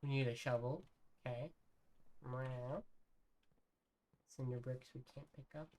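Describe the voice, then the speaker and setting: A woman's voice: a bass voice, fairly even intonation, a little fast, mellow. A woman streaming a game, murmuring to herself as she plays and saying meow again and again. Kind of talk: casual game commentary.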